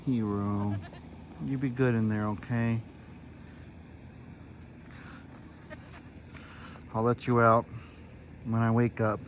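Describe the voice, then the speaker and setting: A man speaks softly and tenderly to his young goat as he says good night. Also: medium pitch, level tone, unhurried, slight background noise. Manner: soft, tender baby talk to an animal. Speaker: farm vlogger. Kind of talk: casual vlog.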